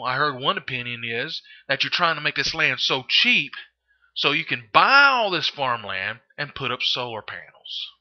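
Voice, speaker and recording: A man's voice: medium pitch, muffled recording. A man giving an impassioned monologue, indignant and fond of rhetorical questions, stumbling with frequent hesitations. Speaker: political video commentator.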